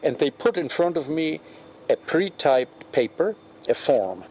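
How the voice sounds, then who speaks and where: A man's voice: a little high, sing-song, measured pace, a little mellow, slight background noise. Older man with a Czech accent. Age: 70s. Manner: earnest, retells with quoted dialogue. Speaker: interviewee. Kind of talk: personal testimony.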